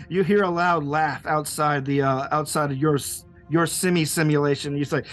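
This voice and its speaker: A man's voice: on the high side, steady tone, moderate pace, fairly bright tone, soft background music. A man narrating a tabletop game as game master, loose and rambling, laughing often.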